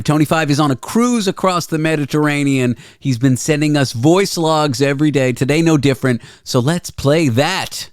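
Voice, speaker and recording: A man hosting a comedy show, delivering a playful monologue with lots of jokes. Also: fairly high pitch. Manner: playful and jokey, with bouncy exaggerated delivery. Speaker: radio show host. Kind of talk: comic monologue.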